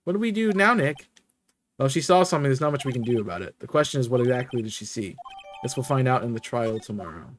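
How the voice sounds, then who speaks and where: A streamer reading game dialogue aloud with low, deadpan muttered asides. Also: fast talker, a little hiss or hum.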